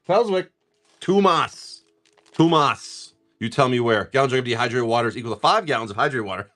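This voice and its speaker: Lively, bright-voiced man on a card stream. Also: medium pitch. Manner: rapid card-name rundowns mixed with joking stories. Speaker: live stream card-pack seller. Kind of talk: casual live-stream chat while opening card packs.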